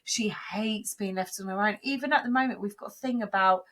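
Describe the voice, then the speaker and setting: A woman, co-hosting a casual chat and telling lively stories, acting out the people she quotes. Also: fairly quick. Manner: animated storyteller, acts out quotes in high shrieks. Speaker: podcast co-host.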